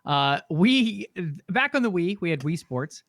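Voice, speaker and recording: A man co-hosting a gaming podcast, giving a steady, informative rundown with some fillers. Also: high-pitched, measured pace, no echo, studio quality. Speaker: podcast co-host. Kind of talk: casual chat.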